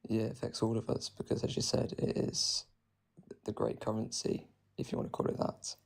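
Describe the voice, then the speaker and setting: Male debate caller, gravelly fry throughout, raspy and low, slow halting delivery. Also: level tone. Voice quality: heavy vocal fry. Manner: halting, hesitant, slow to make a point.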